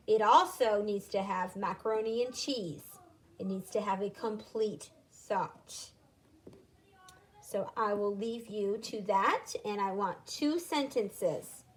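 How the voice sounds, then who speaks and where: A woman teacher giving a recorded phonics lesson to young children, slowly sounding out letters and words. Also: on the high side, slightly rough, rough recording.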